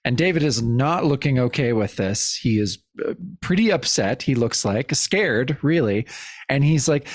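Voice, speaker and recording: A man's voice: medium pitch, expressive, normal speed, no room sound, clean studio sound. A man co-hosting a podcast, chatting and joking while he walks through comic panels and reads captions aloud. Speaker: podcast co-host. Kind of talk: casual chat retelling a comic.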